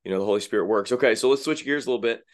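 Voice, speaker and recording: A man hosting a podcast, giving brief affirmations and calmly explaining scripture. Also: mid-range voice, racing. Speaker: podcast host. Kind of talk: conversational interview.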